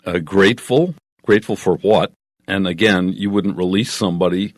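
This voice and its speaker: Deep-voiced man explaining English usage. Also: no echo, clean studio sound. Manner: measured and explanatory, with small acted examples. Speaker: English teacher.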